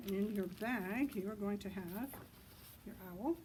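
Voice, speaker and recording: A woman librarian leading a children's story time outdoors, reading in an animated sing-song way and hooting loudly to get kids to join in. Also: medium pitch, a little slow, noisy background.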